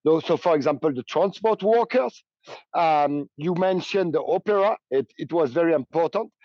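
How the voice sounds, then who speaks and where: A man with a French accent speaks English haltingly, pausing often to search for words. His voice sits fairly high for a man. He is heard over a dull, muffled remote call line with little room sound. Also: expressive, no echo. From France. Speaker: union leader and train operator. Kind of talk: interview answers.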